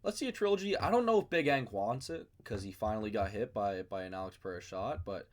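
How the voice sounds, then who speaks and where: Animated man rambling about fights. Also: fairly low pitch, fast talker. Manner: rambling, animated, self-mocking. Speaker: MMA video host. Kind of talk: casual commentary vlog. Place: his basement.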